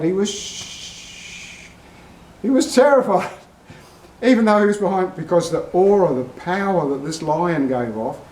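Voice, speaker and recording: An Australian man and regular vlogger, telling a long, rambling anecdote to camera in a meandering, unhurried way. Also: on the high side, darkish tone, slight background noise. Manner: slow, meandering storyteller. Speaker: vlogger, horse owner. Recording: roomy echo, from far off the mic.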